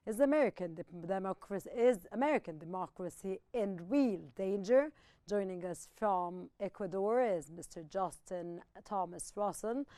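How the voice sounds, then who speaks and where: A woman hosting a live news interview show, formal and quick to interrupt her guests. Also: mid-range voice, a little mellow, no echo. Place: studio.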